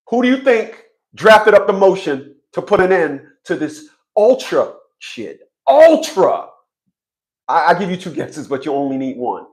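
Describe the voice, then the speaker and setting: High-pitched man mocking in animated monologue. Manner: mocking, swings between loud outbursts and low asides; acts out other people's voices in quotes. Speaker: family court advocate.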